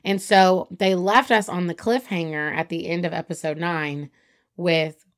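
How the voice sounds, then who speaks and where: A young woman co-hosting a podcast, recapping a reality show in a casual chat and jumping up in pitch when she gets excited. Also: unhurried. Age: young adult. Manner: animated storytelling with big pitch jumps when excited. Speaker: podcast co-host.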